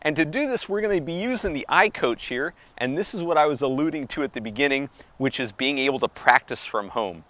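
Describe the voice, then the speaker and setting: Outdoors on the court, a tennis coach demonstrates strokes, counting the beats aloud and encouraging the viewer, a little out of breath from moving. His voice is on the high side and fairly bright, with lively intonation, a slightly fast pace, few pauses, and no room sound.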